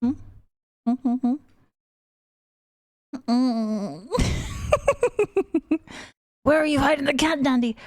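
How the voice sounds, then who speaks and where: A woman's voice: high-pitched, lively intonation, slow pace, vocal fry, pauses often, dry recording. A woman streaming live and chatting casually with her viewers, giggly and teasing, laughing often between phrases. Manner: playful and teasing. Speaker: VTuber streamer. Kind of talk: casual livestream chat with viewers.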